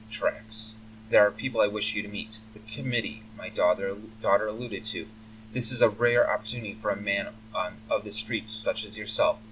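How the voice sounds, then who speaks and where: A chilly, aristocratic elf father, as a man reads him out lays down each formal line in a low, measured voice. The mic sits slightly far, with a faint hum underneath. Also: fairly bright tone, close to an everyday voice. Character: cold, aristocratic older male elf father.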